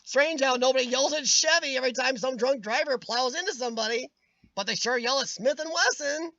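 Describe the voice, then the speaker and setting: A man's voice: very high voice, fairly quick, bright, forceful tone, dry recording, lo-fi sound. A man hosting a casual live-stream chat, ranting with strong opinions and answering viewers' comments by name, his voice starting to wear out. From United States. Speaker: livestream host reading chat.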